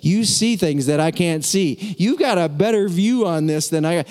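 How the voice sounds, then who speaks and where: A man's voice: expressive, normal speed, hardly any pauses. Man preaching in a reverberant hall. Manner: conversational, speaks straight to the congregation; drops to a soft, low voice in prayerful moments. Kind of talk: sermon.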